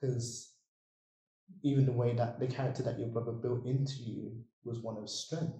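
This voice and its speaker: A man hosting a podcast, calmly affirming his guest and reflecting back what she said. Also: medium pitch, moderate pace. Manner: calm, affirming listener. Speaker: podcast host. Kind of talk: casual podcast interview. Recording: echoey room.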